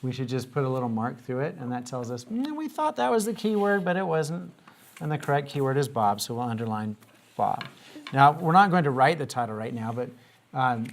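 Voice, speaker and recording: A man's voice: medium pitch, vocal fry, slight background noise. A man teaching a grammar lesson to young students, patiently asking questions and coaxing answers.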